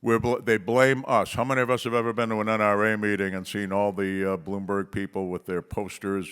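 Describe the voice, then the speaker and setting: Low-voiced man giving a forceful conference speech. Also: flat delivery, fairly quick, few pauses, smooth. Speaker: conference speaker.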